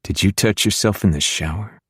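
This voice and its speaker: A cocky vampire lover, read by a man in an audiobook, teasing and intimate. His voice sits extremely deep and husky, with a dry, close sound and no room around it. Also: a little fast, no echo. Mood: teasing, seductive. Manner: low, teasing, intimate delivery. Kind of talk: audiobook dual narration.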